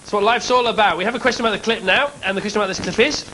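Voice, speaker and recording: A man's voice: sits high, rapid-fire, bright, forceful tone, low-quality recording. A man hosting a breakfast TV show and phone-in quiz, chatty and jokey. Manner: jokey, chatty, laughs often. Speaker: host.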